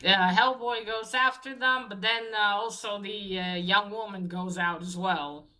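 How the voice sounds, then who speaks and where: A woman's voice: mid-range voice, steady tone, a little slow, pushed and bright. A woman giving a casual, rambling recap of a comic, with many fillers and restarts and the odd swear. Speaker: comic reviewer.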